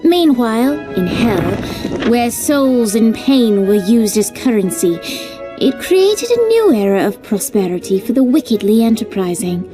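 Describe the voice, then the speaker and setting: A wry storybook narrator. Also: female voice, a little high, lively intonation, unhurried. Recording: game audio over clear music.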